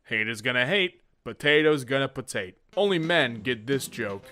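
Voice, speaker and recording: A man reading memes and jokes aloud in a playful, joking way, often laughing and slipping into quick silly voices. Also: medium pitch, expressive, pushed and bright, soft background music. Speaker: meme video narrator.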